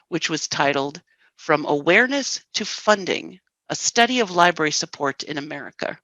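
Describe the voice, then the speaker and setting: A woman presenting a course in measured, scripted narration. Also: low-pitched, pushed and bright, dry recording, poor audio.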